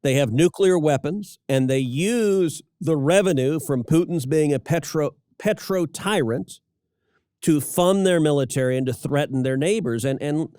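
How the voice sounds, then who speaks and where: A man's voice: a little high, measured pace, warm tone, clear, resonant tone, dry recording, clean studio sound. A middle-aged man delivering political commentary as a podcast co-host, emphatic and given to repeating words as he starts sentences.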